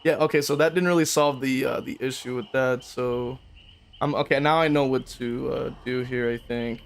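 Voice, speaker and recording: A man's voice: medium pitch, fairly even intonation, normal speed, creaky. A young man streaming a game, talking casually to chat, often exasperated, swearing and laughing. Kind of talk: casual livestream commentary.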